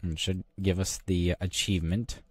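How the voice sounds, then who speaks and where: A man with a very low voice talks his way through a video game in a casual, rambling way. He mutters half to himself and drops dry, self-mocking jokes along the way. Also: little pitch movement, normal speed, no room sound. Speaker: gaming channel host. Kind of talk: casual gameplay commentary.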